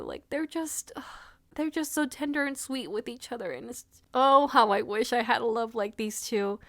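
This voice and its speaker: A woman's voice: high voice, no room sound, clean studio sound. A woman reviewing an anime episode in a casual, gushing and emotional way, with lots of fillers.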